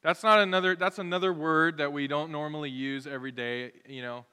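A man preaching a sermon as pastor, lively and conversational, acting out the voices of people in his stories. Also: on the high side, fairly quick, clear, resonant tone. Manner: animated, acts out voices of others. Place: church sanctuary. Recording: long hall reverb.

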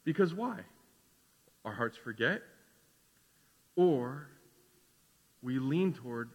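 A man preaching a sermon as pastor, animated, swinging between loud declarations and quiet asides. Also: a little high, a little slow, pauses often, husky, big-room sound. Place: church sanctuary.

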